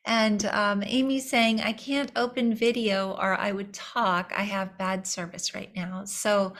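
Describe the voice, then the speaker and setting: A woman's voice: medium pitch, a bit bright. A woman moderating an online session, friendly, reading audience questions aloud from the chat.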